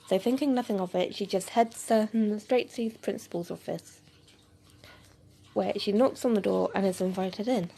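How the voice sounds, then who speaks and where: A woman's voice: medium pitch, normal speed, creaky, mellow, slightly rough. A woman narrating an amateur audio story, reading plainly with hesitant fillers.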